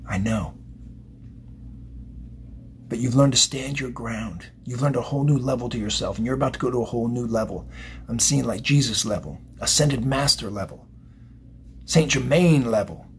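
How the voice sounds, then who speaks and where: A man's voice: mid-range voice, brisk, a little hiss or hum. A man giving a psychic tarot reading, emotional and motivational, rambling and repeating himself. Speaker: tarot reader.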